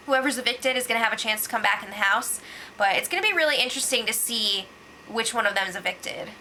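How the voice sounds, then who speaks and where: A woman's voice: fairly high pitch, bright, forceful tone, a little hiss or hum, poor audio. A woman giving a casual, chatty spoiler recap for her vlog, filling her talk with "like". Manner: chatty, fills with "like", acts out quotes. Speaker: reality show recap vlogger.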